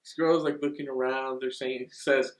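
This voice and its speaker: A man reviewing a horror movie in a rambling, excitable way, swearing freely. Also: medium pitch, normal speed, echoey room.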